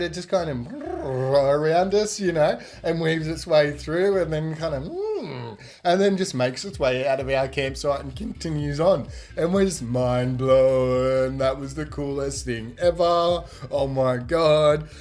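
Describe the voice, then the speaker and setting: Here the young podcast host sounds higher-pitched, keeping a measured pace and rarely pausing. He tells his festival story casually and with animation, doing the voices of the people he quotes and cursing freely.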